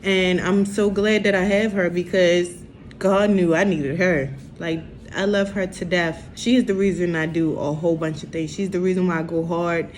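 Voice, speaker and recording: A young woman, speaking slowly and haltingly in an emotional confessional vlog. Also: lowish voice, fairly even intonation, a little hiss or hum. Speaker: vlogger.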